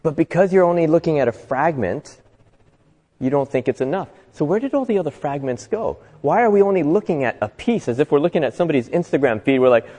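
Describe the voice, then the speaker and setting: A man's voice: on the high side, animated, quick pace, warm tone. Man giving an inspirational talk in a reverberant hall. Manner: conversational, asks the audience rhetorical questions. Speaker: motivational speaker. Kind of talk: inspirational talk to a live audience. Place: live talk venue.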